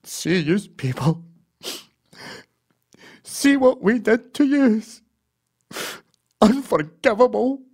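A man doing a high, stammering man. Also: lively intonation, slow pace, pauses often, a little mellow, slightly rough, full character voice. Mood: tearful. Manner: stammering, wide-eyed questions. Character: sentimental Glaswegian man, blunt and teary.

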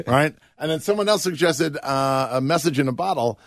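A man's voice: fairly high pitch, a little fast, dry recording, studio quality. A man hosting a classic rock radio morning show, chatting casually and laughing easily with his co-hosts. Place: radio studio.

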